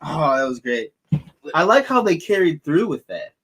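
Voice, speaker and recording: A man co-hosting a podcast in casual chat, excited and profane, speaking in loose fragments. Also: on the high side, normal speed, husky. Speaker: podcast co-host.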